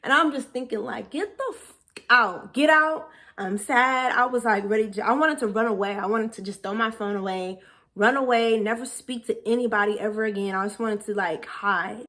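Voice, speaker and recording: A young woman tells a hard personal story straight to the camera. She talks candidly and with feeling, slipping into other people's voices as she quotes them. Her voice sits at an ordinary middle pitch. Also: steady tone, brisk, a bit bright. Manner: candid and emotional, quoting others with shifts in voice. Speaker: vlogger.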